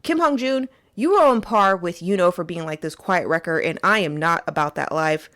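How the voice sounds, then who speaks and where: A woman hosting a casual fan commentary monologue, playful and animated, talking straight to her listeners from a small closet. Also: on the low side, moderate pace, hardly any pauses. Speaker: host.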